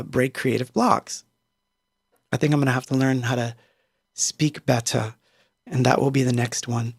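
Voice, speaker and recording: Rambling man with a gravelly edge. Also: medium pitch, dry recording, studio quality. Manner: meandering, many fillers and restarts. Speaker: musician livestreaming. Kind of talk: casual rambling livestream chat.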